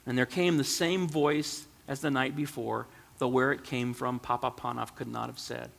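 A man's voice: medium pitch, steady tone, normal speed, gravelly, a bit bright. A man reading a children's story aloud and reflecting on it in an earnest, emotional way. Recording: long hall reverb.

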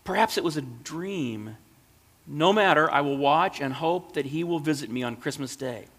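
A man voicing a kindly old shoemaker who talks softly, with fond sighs. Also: a little high, lively intonation, normal speed. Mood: wistful.

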